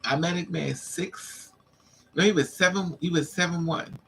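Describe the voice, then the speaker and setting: A woman vlogger telling a story in a casual, animated way, repeating lines for emphasis and acting out what men said to her. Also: fairly low pitch, moderate pace, creaky, slight background noise, rough recording. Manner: acts out the men's lines in quotes.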